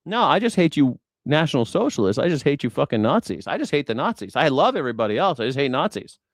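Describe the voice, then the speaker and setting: A man's voice: a little high, sing-song, fast talker, dry recording. Profane ranting man, dry sound. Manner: profane, repetitive, shouting tirades. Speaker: livestream host. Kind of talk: heated commentary rant.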